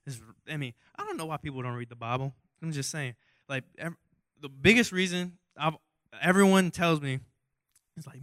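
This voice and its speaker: A man's voice: a little high, normal speed, no room sound, clean studio sound. A young man, preaching a casual, joking sermon full of rhetorical questions and rambling asides. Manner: goofy, self-mocking, rambling with asides. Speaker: youth preacher.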